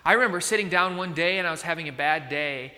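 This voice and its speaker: Pastor guy giving a sermon, kinda high bright voice, keeps asking "right?", big echoey church sound. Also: fast talker. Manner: conversational, keeps checking in with the listeners.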